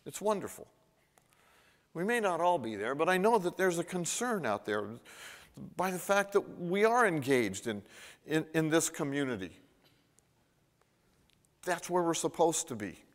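A pastor delivers his sermon with animated emphasis, swinging between loud, excited lines and quiet, intimate ones. His voice sits a little high for a man, and he often restarts and repeats words. The long reverb of the church hall trails after each phrase. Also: unhurried, pauses often. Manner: animated, emphatic preaching with rising and falling intensity.

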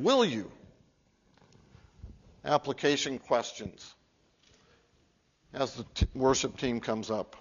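A male pastor preaching an earnest sermon in a church, swinging from emphatic peaks to low, quiet appeals. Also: slow, pauses often. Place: church sanctuary. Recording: muffled, lo-fi recording.

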